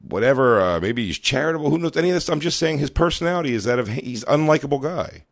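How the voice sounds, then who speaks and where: A man's voice: mid-range voice, animated, quick pace, vocal fry. A man co-hosting a comedy podcast, roasting people sarcastically and laughing in casual banter.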